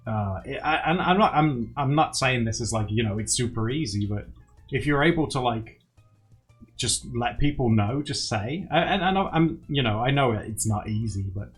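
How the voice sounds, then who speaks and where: Speaking at a moderate pace in an expressive, medium-pitched voice, a young man hosts a casual livestream. He reads viewer comments, chats with his audience and laughs a lot, with faint music in the background.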